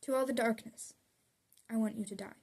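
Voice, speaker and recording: A woman's voice: a little high, steady tone, brisk, creaky, a little mellow. A young adult woman reading her own poems aloud in an earnest, confessional way. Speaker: poet.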